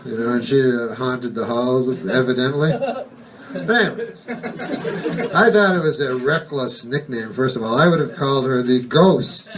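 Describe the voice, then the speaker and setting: A male stand-up comedian telling a rambling, deadpan bit full of swearing and digressions. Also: medium pitch, moderate pace, distant mic, heavy background noise.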